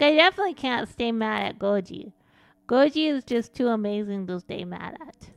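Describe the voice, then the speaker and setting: A woman's voice: on the high side, vocal fry, clear, resonant tone, no echo. A woman streaming a game and chatting casually, rambling along with frequent giggles and calling herself by her own nickname. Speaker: VTuber streamer.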